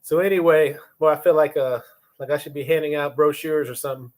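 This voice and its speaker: A man's voice: on the high side, steady tone, fast, a little mellow. A man in his fifties hosting a casual leadership livestream from a phone or webcam, chatting and greeting viewers by name.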